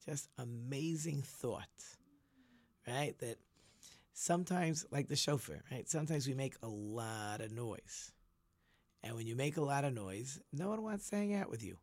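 A man telling a story in a casual talk, animated, repeating words and acting out the people in it. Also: medium pitch, no room sound. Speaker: storyteller and teacher.

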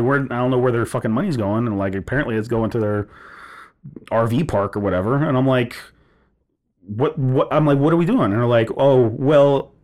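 A young man telling a story in casual chat, animated, swearing freely and filling his talk with "like". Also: mid-range voice. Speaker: podcast co-host telling a story.

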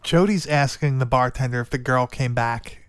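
Smooth-voiced man rambling through a movie recap. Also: medium pitch, moderate pace, no room sound. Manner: rambling, swears often, lots of "like" and "dude". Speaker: podcast co-host. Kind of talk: casual movie recap chat.

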